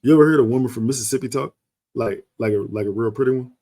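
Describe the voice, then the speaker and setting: A man's voice: medium pitch, fast, mellow. A man co-hosting a podcast in casual chat, talking with laid-back slang and thinking aloud as he goes. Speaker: podcast co-host.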